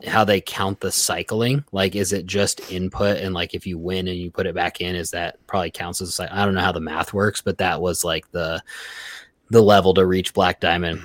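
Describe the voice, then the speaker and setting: A young man with a deep, low voice chats on a podcast, full of swearing and quick asides. He acts out what coworkers said as he tells the story. The sound is dry and close to the mic. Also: flat delivery, a bit bright, no echo. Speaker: podcast guest. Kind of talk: casual podcast chat.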